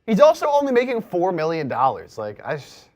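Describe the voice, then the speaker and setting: A man co-hosting a casual sports livestream, tossing in quick, relaxed reactions. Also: high voice. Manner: laid-back, quick reactions. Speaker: sports show co-host.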